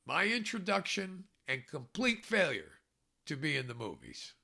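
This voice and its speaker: A man's voice: a little high, huge pitch swings, a little slow, vocal fry, pushed and bright. A man casually telling a self-mocking story, chuckling often as he talks. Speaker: storyteller recalling a film job.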